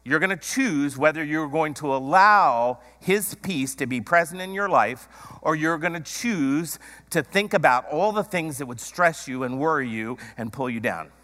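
A man's voice: on the high side, lively intonation, normal speed, pushed and bright. A man preaching a sermon, repeating key phrases emphatically and asking the congregation rhetorical questions. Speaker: pastor. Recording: long hall reverb.

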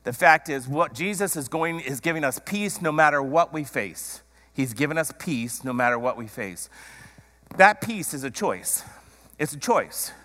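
A man's voice: on the high side, lively intonation, normal speed, bright, forceful tone. A man preaching a sermon, repeating key phrases emphatically and asking the congregation rhetorical questions. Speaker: pastor. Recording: long hall reverb.

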